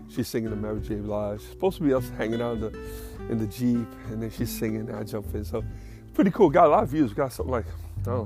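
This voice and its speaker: Man, podcast host, gravelly, rambling casual storytelling, faint guitar. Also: medium pitch. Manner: rambling, profane, self-amused.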